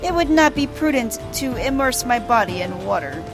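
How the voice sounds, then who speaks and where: A woman voicing a pompous, theatrical male gentleman adventurer from a video game, grandiose and melodramatic. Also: on the high side, animated, moderate pace, music in the background, pitched above the performer's own voice, natural voice. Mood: grand. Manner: grandiose, melodramatic, overblown delivery.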